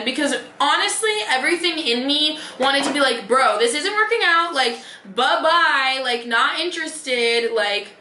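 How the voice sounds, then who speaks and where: A woman's voice: high-pitched, bright, forceful tone. A young woman in her twenties telling a dating story while doing her makeup, chatty, sassy and swearing freely, saying "like" all the time. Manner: chatty, sassy, profane, heavy use of "like". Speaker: beauty vlogger. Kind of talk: casual story-time chat. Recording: roomy echo.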